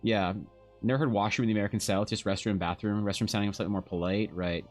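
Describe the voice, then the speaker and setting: A man's voice: lowish voice, fairly even intonation, fast, faint music behind. A Canadian man chatting casually on a live stream, rambling and sardonic, with the odd swear. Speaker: streamer and artist.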